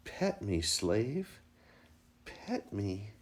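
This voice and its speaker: A man voicing a clingy little female puppy who whimpers for her owner in a high, plaintive voice. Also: big pitch swings, extremely slow, exaggerated voice. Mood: bossy.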